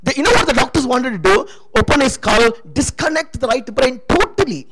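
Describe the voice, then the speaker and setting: Very high-voiced, animated male preacher. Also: fairly quick, creaky, background noise. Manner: emphatic, calls out to the congregation for responses. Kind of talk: sermon testimony.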